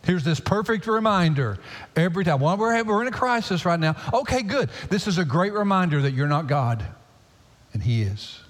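A man preaching a sermon as pastor, swinging from loud, high pleading to hushed near-whispers. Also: very animated, normal speed. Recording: long hall reverb.

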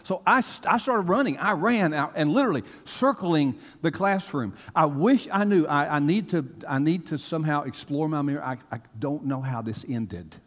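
A man preaching a sermon to a congregation, telling stories with animated swings from hushed to loud. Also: fairly high pitch, normal speed, few pauses. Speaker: pastor. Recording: long reverb of a large hall.

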